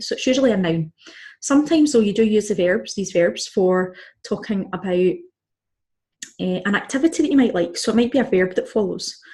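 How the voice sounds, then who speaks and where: A woman's voice: medium pitch, a little mellow. A Scottish woman teaching a Spanish grammar lesson, explaining patiently step by step. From Scotland. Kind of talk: online language lesson.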